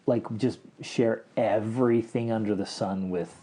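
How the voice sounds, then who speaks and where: A middle-aged man co-hosting a podcast in casual chat, talking in an animated way and acting out the lines he quotes. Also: on the low side, measured pace. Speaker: podcast co-host.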